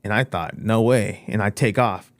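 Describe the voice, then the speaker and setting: Low-voiced man telling a faith story. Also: moderate pace, no room sound. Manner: animated storyteller, acts out his own lines. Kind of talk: casual storytelling.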